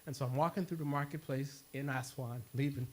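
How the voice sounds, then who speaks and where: A man at a community worship gathering telling a story, animated and laughing, acting out both sides of a conversation. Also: mid-range voice, a little fast. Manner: animated, laughing, acts out dialogue. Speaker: worship speaker. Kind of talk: storytelling talk to a congregation.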